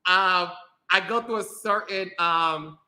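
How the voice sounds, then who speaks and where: A man hosting a podcast, chatting playfully and laughing often, then turning slow and emotional. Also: sits high, pushed and bright, roomy sound. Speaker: podcast host. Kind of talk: casual chat.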